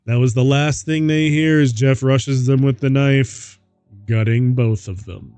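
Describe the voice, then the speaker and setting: On a stream, a man reads a story aloud as a casual dramatic reading, laughing at the text and tossing in mocking asides. His voice is medium in pitch and warm, his pace measured, with no echo.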